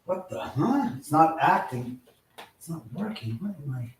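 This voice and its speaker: A man hosting a live stream, swearing in frustration at technical glitches, swinging from muttering to shouting. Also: on the high side, big pitch swings, a little slow, noisy background. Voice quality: loud profane outbursts, swinging from mutters to shouts. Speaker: livestream host. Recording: roomy echo, mic at a distance.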